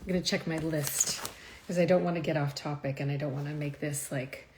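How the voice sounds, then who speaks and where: A woman's voice: low voice, steady tone, brisk, a little mellow. A woman chatting casually to viewers on a live stream, emotional and laughing often, with many fillers. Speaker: wine video creator.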